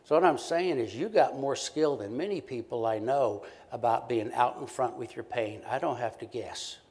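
A man, a professor, giving a conversational and animated keynote lecture to a conference audience. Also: medium pitch, moderate pace. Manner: conversational, animated, acts out short quoted exchanges.

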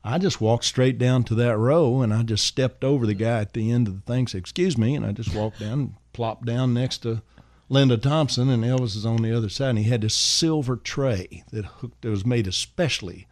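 A man's voice: mid-range voice, normal speed, few pauses, darkish tone, dry recording, studio quality. An older man, a songwriter, telling a rambling anecdote on a radio show in an easygoing way, full of fillers and "man". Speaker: songwriter and guest. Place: radio studio.

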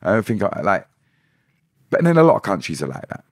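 Relaxed rambling man, lively pitch. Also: fairly quick, creaky, no room sound, clean studio sound. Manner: relaxed, rambling, repeats words. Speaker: musician guest. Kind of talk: casual podcast interview.

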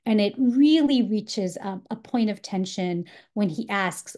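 A woman teaching a workshop on writing dialogue, with a mellow, warm tone. She talks through examples thoughtfully and pauses on fillers as she builds each point. Her pitch sits in a middle range for a woman. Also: lively intonation. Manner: thoughtful, explanatory, with frequent fillers. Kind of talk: literature workshop lecture.

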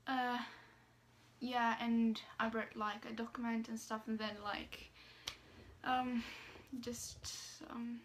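Young woman vlogging, kinda high but really flat, lots of ums and restarts, bit of hiss behind. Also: slow pace. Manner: hesitant, many fillers and restarts, soft asides. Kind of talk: casual personal storytelling.

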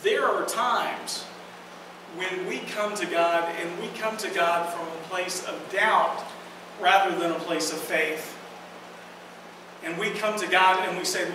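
A woman pastor preaching a sermon in a church, earnest and emphatic, with slow dramatic pauses. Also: fairly low pitch. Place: church sanctuary. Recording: echoey hall from far off, noisy.

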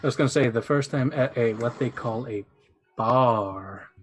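A man's voice: medium pitch, moderate pace, a crowd in the background. Dry-joking male tabletop player. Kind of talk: casual chat.

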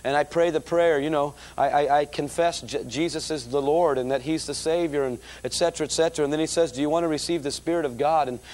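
Middle-aged male preacher, slightly high voice, tells his testimony to the folks. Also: fairly even intonation, fast, few pauses, a little mellow. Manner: storytelling, acts out voices in his story; addresses audience as folks. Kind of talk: testimony sermon.

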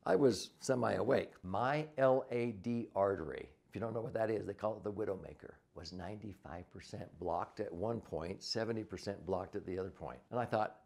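A man's voice: fairly low pitch, fairly quick, gravelly, hardly any pauses, darkish tone. A man in his sixties, a financial advisor hosting his own show, telling a personal story in a folksy, earnest way and acting out what he said back then. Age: 60s. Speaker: financial advisor and podcast host.

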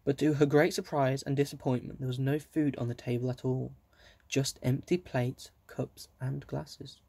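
A man reading a children's book aloud, gently, with small asides to his listeners. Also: medium pitch, little pitch movement, moderate pace, vocal fry, breathy edge, dry recording. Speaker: reader.

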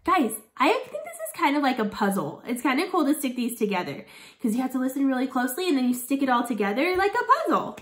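A woman teacher talks young learners through a phonics lesson, stretching out every sound and praising them often. Her voice sits a little high and moves all over the place. The room around her echoes noticeably. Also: wildly swooping pitch. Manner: slow, sound-by-sound phonics drilling with an encouraging tone. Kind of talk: early reading lesson for children.

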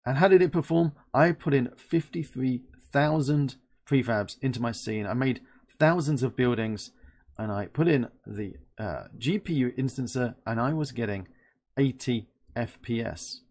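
A man's voice: mid-range voice, unhurried, darkish tone. A man from London giving a chatty, playful asset review and thinking aloud as he works. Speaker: host reviewing game assets. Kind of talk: casual screen-recording review.

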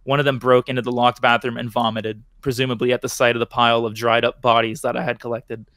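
Male podcast host reading a spooky tale into a close mic; mid-pitched, dry sound, occasional stumbles. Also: level tone, quick pace, fairly bright tone, dry recording. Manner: stumbles and restarts, laughing at slips. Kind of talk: reading a horror short story aloud.

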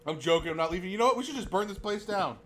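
A young man giving excitable live commentary while he plays a game, laughing and shouting as he reacts. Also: high voice, very fast, a little hiss or hum. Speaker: streamer.

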